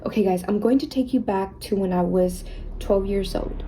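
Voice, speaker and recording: A woman's voice: mid-range voice, normal speed, background noise. A young woman vlogger chatting casually about her own experiences while doing her makeup, constantly saying "you guys" and "like.". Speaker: beauty vlogger.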